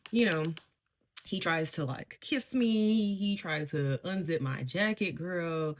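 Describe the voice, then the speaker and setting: A woman's voice: medium pitch, measured pace. Chatty woman telling a storytime. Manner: chatty, animated, laughing asides. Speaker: beauty vlogger. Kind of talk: casual storytime while doing makeup.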